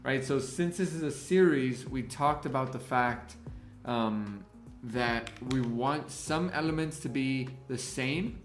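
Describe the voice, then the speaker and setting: A man's voice: mid-range voice, slow pace, few pauses, roomy sound, faint music behind. A man hosting a casual design livestream, thinking aloud as he works and greeting the people in the chat. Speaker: livestream host and graphic designer.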